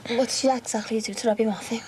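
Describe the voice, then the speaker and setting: A woman's voice: fairly high pitch, steady tone, quick pace, darkish tone, lightly acted. An actress playing a curious, wary young woman who keeps questioning her boyfriend. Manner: prying, questioning. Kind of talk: TV soap drama. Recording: background noise.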